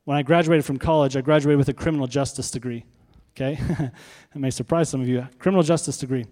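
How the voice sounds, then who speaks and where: A pastor delivers a sermon in a reverberant hall, speaking quickly in a steady, dark, mid-range voice. His preaching is conversational, and he poses rhetorical questions to the congregation.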